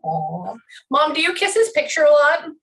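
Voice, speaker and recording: A woman working as a psychic medium, relaying messages in a reading, often pausing with "hang on" before carrying on. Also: sits high, sing-song. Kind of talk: one-on-one reading session.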